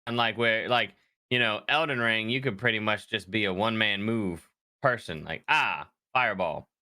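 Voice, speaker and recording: A man co-hosting a podcast, chatting casually about video games, animated and quick to laugh. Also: on the low side, no echo, studio quality. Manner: animated, laughs often, trails off. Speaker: podcast co-host. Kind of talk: casual gaming chat.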